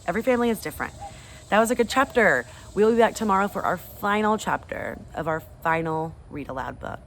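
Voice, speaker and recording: A woman's voice: medium pitch, fairly quick, gravelly, a little hiss or hum. A woman in her thirties, a teacher, reading a children's book aloud expressively to her class. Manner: expressive, animated. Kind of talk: storybook read-aloud.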